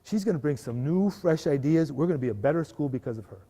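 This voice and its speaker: A man giving a lively live workshop talk to a parish group, often asking the audience to agree. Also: a little high, quick pace. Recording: live hall recording with long reverb.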